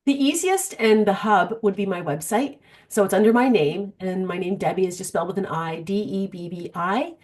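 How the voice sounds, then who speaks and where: A middle-aged woman, a guest coach, talking in an animated, storytelling way during an interview. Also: medium pitch, normal speed, hardly any pauses. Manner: animated, storytelling, frequent restarts. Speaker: guest, vision board coach. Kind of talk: conversational interview.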